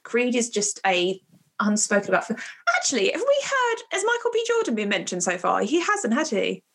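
A woman's voice: a little high, wildly swooping pitch, fairly quick, a bit bright, slightly rough. A woman co-hosting a casual chat about films, talking in an enthusiastic way and laughing often. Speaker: podcast co-host.

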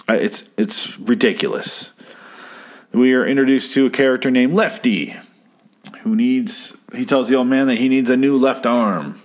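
A man's voice: mid-range voice, expressive, moderate pace. A man reviewing an old TV episode in casual, profane commentary, sarcastic and rambling, acting out the lines he quotes. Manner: sarcastic, rambling, swears freely, acts out quotes.

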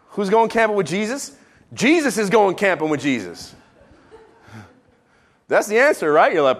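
Animated preaching man, higher voice. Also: measured pace, pauses often. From Israel. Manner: animated, jokey preaching with sudden quiet drops. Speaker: pastor. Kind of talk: sermon.

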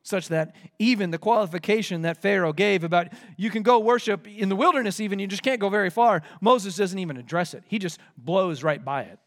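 A man's voice: high voice, brisk, few pauses. A man preaching an expository sermon verse by verse, talking in an earnest, emphatic way.

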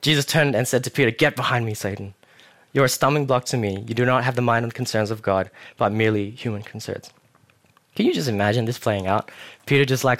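Young male preacher, casual storyteller who acts out the scenes, mid-pitched voice. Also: brisk. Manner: casual, animated storytelling with acted-out quotes. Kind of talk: sermon.

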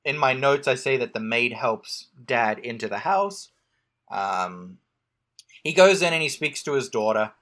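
A man's voice: medium pitch, lively intonation, a little slow, fairly bright tone. A man casually recapping a film on a podcast, rambling and joking, with lots of "um"s and restarts. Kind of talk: casual chat.

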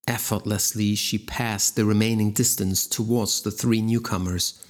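A man narrating an action audiobook in a steady, measured way. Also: on the low side.

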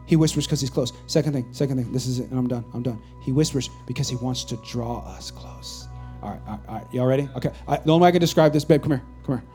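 A man preaching a sermon to his congregation, dropping to near-whispers and then rising to shouts, with call-and-response asides. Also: mid-range voice, fast talker, hardly any pauses, faint music behind. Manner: swings between hushed near-whispers and loud shouts. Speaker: pastor. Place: church stage with a live congregation.

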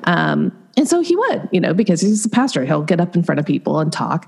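A woman's voice: lowish voice, a little fast, creaky, breathy edge. A middle-aged woman, a coach being interviewed, telling her story candidly and with animation, with plenty of "um" and "like". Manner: candid, animated, frequent fillers. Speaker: Enneagram coach and guest.

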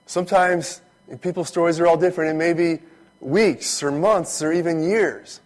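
A man, a pastor, giving a relaxed, conversational sermon that turns animated when he retells stories. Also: on the high side, moderate pace.

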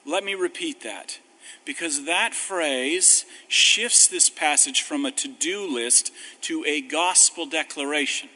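Bright-voiced male preacher, chatty and wry. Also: on the high side, rough recording. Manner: conversational, self-deprecating humor, slows on scripture. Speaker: pastor. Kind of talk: sermon.

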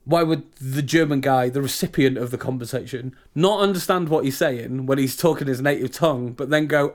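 A British man co-hosts a casual podcast, chatting and ranting with plenty of restarts. His voice sits at an ordinary middle pitch. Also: brisk, hardly any pauses. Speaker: podcast co-host. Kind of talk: casual chat.

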